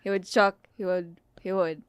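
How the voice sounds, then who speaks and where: A man's voice: sits high, little pitch movement, normal speed, clean tone, no echo, natural voice. A man voicing an immigrant's nervous wife who stumbles and repeats herself.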